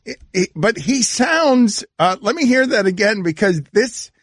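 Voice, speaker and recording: A man's voice: sits high, expressive, measured pace, no room sound. A man hosting a sports radio show in the studio, teasing and incredulous.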